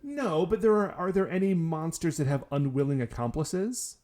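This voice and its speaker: A man's voice: fairly high pitch, lively intonation, normal speed, darkish tone. A man co-hosting a podcast in casual, joking chat, often saying "like". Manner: chatty, many "like" fillers, joking. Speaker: podcast co-host.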